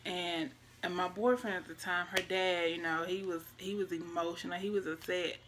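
A woman's voice: fairly low pitch, steady tone, moderate pace, background noise. A young woman, telling a personal story casually and emotionally, with her voice often dropping to near-whispers. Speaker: vlogger.

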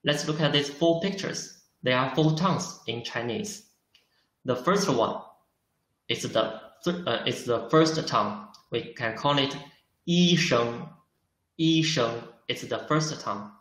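A man's voice: mid-range voice, fairly bright tone, roomy sound. A man teaching Chinese tones, drawing out each model sound in a patient classroom manner and mixing English explanations with Chinese. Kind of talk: slow, patient classroom instruction.

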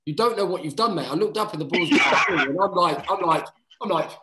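A man's voice: high voice, fast, a little hiss or hum. Chatty man in a roomy room. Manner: chatty, says "mate" often, lively retelling. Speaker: guest rugby player. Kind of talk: casual storytelling chat.

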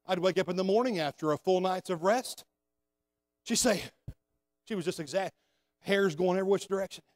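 Man, high voice, pastor, sermon, calls for amens, church sanctuary. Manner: preaching with rising emphasis, calls for amens. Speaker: senior pastor.

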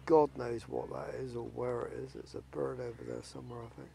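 A man's voice: medium pitch, flat delivery, a little fast, gravelly, warm tone. A man chatting casually to camera while out at a fishing match by a lake. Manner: chatty, banters with friends. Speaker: vlogger filming a fishing match. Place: outdoors by a lake at evening. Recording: outdoors at a lake, faint ambient noise.

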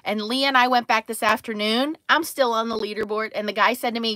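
A middle-aged woman hosting a crafting stream, telling a story in an animated way, laughing and acting out quotes. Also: fairly high pitch, a little fast, no echo. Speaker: crafting livestream host. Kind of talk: casual storytelling chat.

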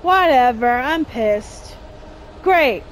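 A woman's voice: high voice, lively intonation, extremely slow, slight background noise. Exasperated young woman playing a game. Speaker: gameplay streamer. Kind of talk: let's play commentary.

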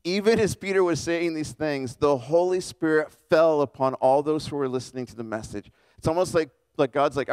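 A man's voice: fairly high pitch, darkish tone, clear, resonant tone, no echo. A male pastor preaching a casual, joking sermon and acting out the people in the story. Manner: casual, joking, acts out characters with quick voice shifts. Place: church.

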